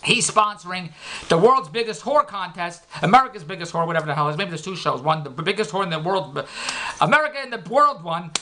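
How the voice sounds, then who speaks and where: Fast-talking man spinning a comic rant. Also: high-pitched, big pitch swings, pushed and bright. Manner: repetitive, riffing, wry self-mocking asides. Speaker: comic storyteller. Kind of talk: rambling comic monologue.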